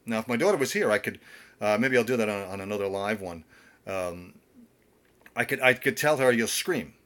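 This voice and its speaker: A middle-aged man coaching singers over a live stream from his home, his voice sitting a little low. He talks loosely and rambles, circling back with fillers and restarts as he answers viewers. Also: animated, fairly quick, fairly bright tone. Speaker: vocal coach.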